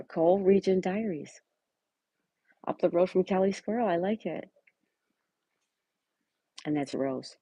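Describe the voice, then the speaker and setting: On her casual livestream, a host from Buffalo, New York greets viewers by name as she reads their comments and chats back warmly. Her low, husky voice has lively intonation, unhurried with long pauses, in a dry recording.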